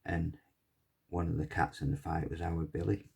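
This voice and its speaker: Gravelly deep-voiced man. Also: flat delivery, normal speed, a little mellow. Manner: chatty, rambling storyteller. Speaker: pyrography tutor. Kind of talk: casual tutorial chat while working.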